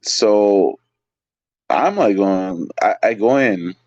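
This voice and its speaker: A man from Lake Tahoe, California, recounts his waiter stories in easy, casual talk. His voice sits low, and he slips in other people's voices as he goes. The recording is dry and a little dull. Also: slow, dry recording. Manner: animated, acts out quoted people, swears casually. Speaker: interview guest, waiter. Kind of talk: casual storytelling.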